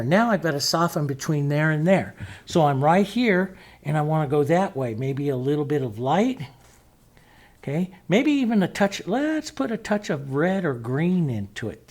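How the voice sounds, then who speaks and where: A man's voice: on the high side, a little mellow. A middle-aged man teaching acrylic painting as he works, talking it through in a chatty way and often asking "see?". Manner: chatty, thinks aloud, asks "see?" often. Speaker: painting instructor. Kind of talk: demonstrating while painting.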